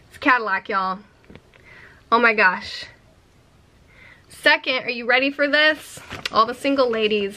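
A young woman, chatting casually to camera while opening fan mail, sassy and excitable, swearing freely. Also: high voice, a little hiss or hum.

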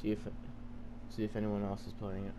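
A man chatting casually while playing a video game, talking in halting, giggly bits. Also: on the low side, completely flat delivery. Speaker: gamer. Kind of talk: casual gaming chat. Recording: noisy background.

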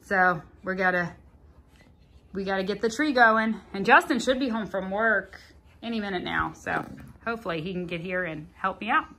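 A woman's voice: mid-range voice, normal speed, sharp tone. Chatty Southern woman vlogging at home. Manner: chatty, self-deprecating, plain-spoken. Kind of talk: casual home vlog. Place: living room at home.

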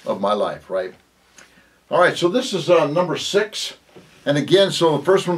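Pastor teaching from a distance. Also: male voice, on the high side, animated, normal speed. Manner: reads scripture aloud, lingers on words, with fillers. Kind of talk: devotional Bible teaching.

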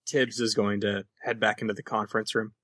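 A man playing in a tabletop game over voice chat, pausing often with ums and uhs. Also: lowish voice, flat delivery, fairly bright tone, no echo. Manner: hesitant, many ums and uhs. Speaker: player.

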